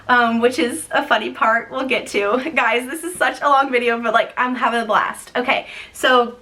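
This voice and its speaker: A woman's voice: on the high side, moderate pace, sharp tone. A young woman vlogger casually telling a personal story to the camera, chatty and talking straight to her viewers. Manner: chatty, addresses viewers as "guys".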